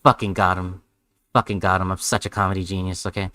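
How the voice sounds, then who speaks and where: A man's voice: deep voice, little pitch movement, fast talker, bright, forceful tone, dry recording. A man streaming a live reaction, sarcastic and rambling, with heavy swearing.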